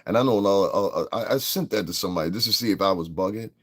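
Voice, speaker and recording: A man's voice: fairly low pitch, racing. A man, hosting a podcast and riffing on the news in a profane, rambling, repetitive way. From New York. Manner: profane, rambling, repeats himself. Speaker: podcast host. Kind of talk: casual livestream commentary.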